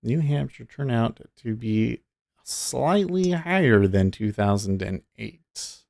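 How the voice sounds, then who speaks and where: A man's voice: mid-range voice, animated, takes it slowly, creaky, darkish tone, dry recording, clean studio sound. A man hosting a live day-trading stream, thinking aloud and cheering on his trades in easy casual chat.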